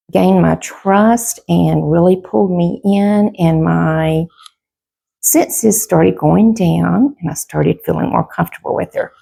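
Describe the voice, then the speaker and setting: A woman's voice: fairly low pitch, creaky, dark tone, husky. A middle-aged woman, casually telling a personal story to camera, rambling with lots of fillers and quoted back-and-forth.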